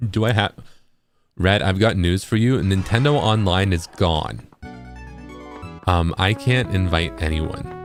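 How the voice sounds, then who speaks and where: A man's voice: sits low, unhurried, long pauses, soft background music. A young man streaming a video game, chatting playfully with his viewers and thinking aloud. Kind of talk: casual gaming commentary.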